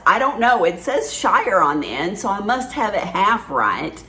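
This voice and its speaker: A woman's voice: medium pitch, very animated, normal speed, hardly any pauses, bright, forceful tone, slight background noise. A woman hosting a casual video, chatting and laughing at her own stumbles over a word. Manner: amused, laughing at herself. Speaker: host. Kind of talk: casual chat. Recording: roomy echo.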